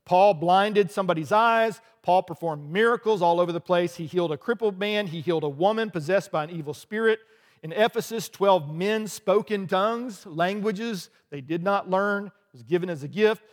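A pastor preaching a lively sermon in a church, with rhetorical questions, asides and small laughs. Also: male voice, sits high, moderate pace. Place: church sanctuary. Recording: long hall reverb.

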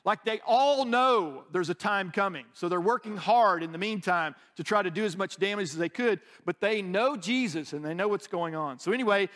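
A man delivers a sermon in a relaxed, conversational manner, often restarting sentences and adding asides. His voice sits notably high for a man. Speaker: pastor.

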